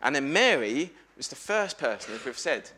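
A man giving a lively family sermon in church, telling a story and asking the congregation questions. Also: medium pitch, normal speed, slightly rough. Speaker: preacher at a family service. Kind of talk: lively all-age sermon with questions to children.

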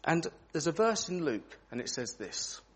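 Man giving a church children's talk, slightly husky, bouncy and animated delivery, fairly high for a man. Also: moderate pace. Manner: animated, asks children questions.

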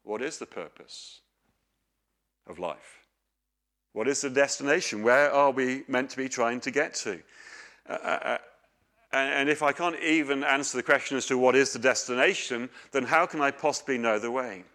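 A middle-aged man preaches a sermon in an earnest, questioning way. He asks questions and tells homely stories. His voice sits at an ordinary pitch for a man. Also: moderate pace, bright, forceful tone.

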